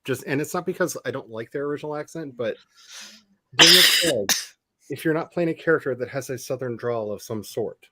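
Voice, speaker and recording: A man's voice: medium pitch, a little fast, heavy background noise. A man, co-hosting a podcast, chatting casually and musing with many restarts. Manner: rambling, self-reflective, with restarts. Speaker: podcast co-host. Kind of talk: casual chat.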